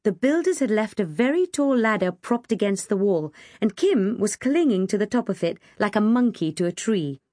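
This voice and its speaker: A woman reading a first-person story aloud in an expressive, wry way. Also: medium pitch, normal speed, few pauses, no echo, studio quality. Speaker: audiobook narrator. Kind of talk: first-person audiobook narration.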